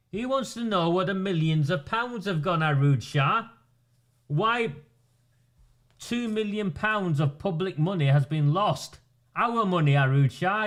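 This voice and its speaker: A man's voice: sits high, fairly bright tone. A man, commenting indignantly over footage of a council meeting. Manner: indignant, repeatedly calling out names. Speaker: political commentator.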